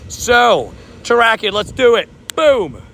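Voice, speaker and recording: A man's voice: very high-pitched, very animated, takes it slowly, vocal fry, a bit bright, rough recording. A young adult man live-streaming a mobile game outdoors, chatting upbeat and reading viewer comments aloud. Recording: outdoor wind noise on mic.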